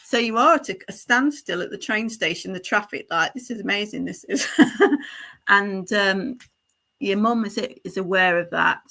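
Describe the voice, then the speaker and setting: A woman with a bright, clear voice gives a live psychic reading. She talks in a halting, meandering flow, full of fillers and self-corrections. She keeps checking in with the sitter, asking "isn't it?" and "don't you?". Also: mid-range voice. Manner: halting, stream-of-consciousness delivery with many fillers and restarts; addresses the sitter directly, checking in with tag questions. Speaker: psychic medium.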